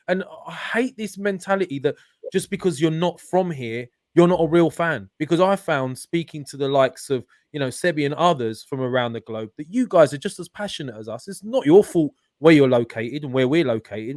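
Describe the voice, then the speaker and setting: A man's voice: fairly high pitch, no room sound, clean studio sound. A man hosting a casual live-stream chat, upbeat and talkative with plenty of fillers. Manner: upbeat, chatty, many fillers. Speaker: channel host.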